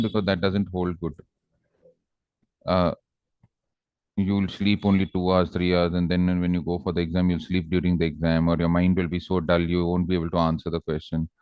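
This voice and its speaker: A low-pitched man with an Indian English accent who teaches exam prep in a calm, coaxing manner. The sound is dry and a little dull, as if from a basic lo-fi recording. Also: no room sound. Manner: calm, coaxing, acts out characters in anecdotes. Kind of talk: exam-prep lecture with storytelling.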